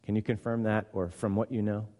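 A man's voice: fairly low pitch, little pitch movement, fairly quick, mellow, in a large hall. A man preaching a sermon, conversational and teaching, repeating words for emphasis. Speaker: pastor.

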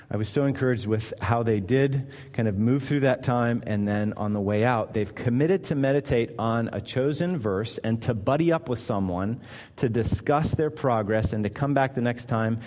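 A pastor preaching a conversational sermon that builds to emphatic repetition. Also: male voice, medium pitch, normal speed, darkish tone. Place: church sanctuary. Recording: long hall reverb.

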